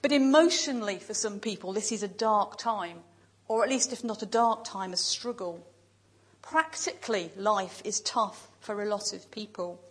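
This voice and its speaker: Husky-voiced woman preaching a sermon. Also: mid-range voice, low-quality recording. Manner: measured, emphatic lists with pauses. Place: church.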